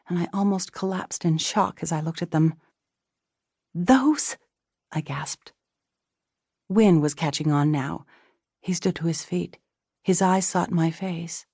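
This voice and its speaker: A woman narrating a novel in the first person, with a measured storytelling manner. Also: on the low side, warm tone, dry recording, clean studio sound. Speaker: audiobook narrator.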